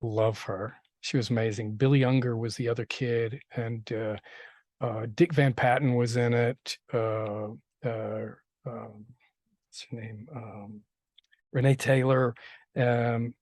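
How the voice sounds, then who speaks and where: A man's voice: medium pitch, steady tone, slow pace, darkish tone, no room sound, studio quality. A man, a film director, telling stories in a casual interview, rambling with many restarts and fillers. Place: interview set.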